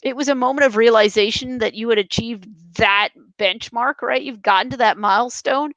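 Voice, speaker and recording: Guest voice: emphatic young woman, higher pitch, dry close sound. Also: normal speed, a bit bright, dry recording, poor audio. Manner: passionate, emphatic, many restarts. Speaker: podcast guest. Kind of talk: casual interview chat.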